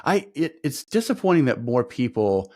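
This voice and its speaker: A man's voice: mid-range voice, sing-song, normal speed, darkish tone, no room sound. A man in his forties hosting a podcast, chatty and self-deprecating, asking long rambling questions. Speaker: podcast host. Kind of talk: casual podcast interview.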